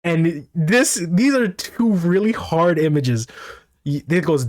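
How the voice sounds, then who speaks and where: A man giving a rambling, excitable recap of manga chapters, reading out characters' lines in his own voice. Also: fairly high pitch, slow pace, no echo, studio quality. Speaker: manga commentator.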